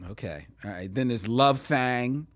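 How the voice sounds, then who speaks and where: A man's voice: medium pitch, unhurried. A man co-hosting a live video podcast in casual chat, teasing and laughing often, drawing out words for emphasis. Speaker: podcast co-host. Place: podcast studio.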